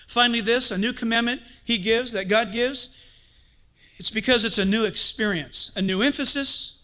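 A man preaching a sermon as pastor, animated, swinging from sudden shouts to hushed asides. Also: very high-pitched, normal speed.

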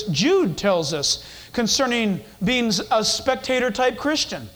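High-voiced emphatic preacher. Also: male voice, expressive, slow, fairly bright tone, rough recording. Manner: emphatic, repetitive, rhetorical questions. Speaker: pastor. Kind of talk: sermon.

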